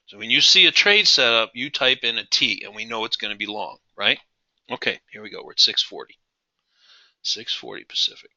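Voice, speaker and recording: A man's voice: fairly low pitch, fairly quick, bright, forceful tone, no echo, lo-fi sound. A man teaching a live trading class, emphatic, repeating key phrases and asking his audience questions. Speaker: trading instructor.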